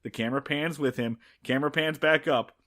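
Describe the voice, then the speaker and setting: Bright-voiced wry man podcast host. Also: a little high. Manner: wry, brisk summarizing, adds sound effects. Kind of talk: casual comedic recap.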